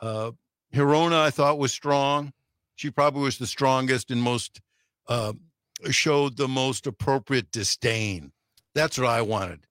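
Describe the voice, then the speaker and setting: A man co-hosting a radio talk show on a dry studio mic, at a middle pitch. He speaks plainly and often starts a phrase over. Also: a little slow, a bit bright, dry recording. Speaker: radio co-host.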